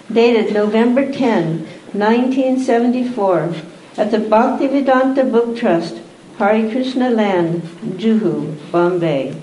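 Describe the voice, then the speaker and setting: A woman at a devotional gathering, reading aloud in a measured, formal way and then addressing the assembly. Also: fairly high pitch, mellow, a little hiss or hum. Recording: echoey room.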